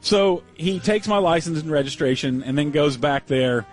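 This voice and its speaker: A man's voice: a little high, normal speed, faint music behind, low-quality recording. A man hosting a sports radio show, telling a story in a chatty, self-deprecating way from a studio. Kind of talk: casual storytelling on air.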